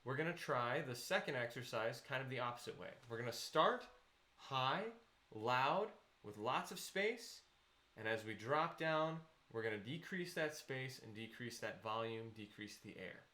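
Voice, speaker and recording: A man's voice: medium pitch, expressive, moderate pace, sharp tone, roomy sound. A man teaching a voice lesson, patiently explaining vocal technique and counting students into exercises.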